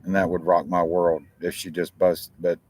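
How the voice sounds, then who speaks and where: An American man from the United States hosts a talk show, chatting casually with his viewers in a rambling, profane way. His low voice is flat, a little mellow and at normal speed, recorded with no echo.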